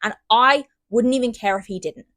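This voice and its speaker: A woman's voice: fairly high pitch, moderate pace, fairly bright tone, no echo. A young British woman from Great Britain chatting casually in a book review vlog, bubbly and playfully dramatic. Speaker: book vlogger.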